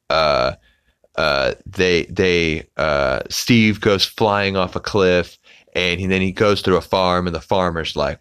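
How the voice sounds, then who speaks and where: A man's voice: deep voice, a bit bright, clear, resonant tone, dry recording. A young adult man hosting a podcast, casually recapping a cartoon with lots of fillers and the odd swear, on a close mic. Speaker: podcast host.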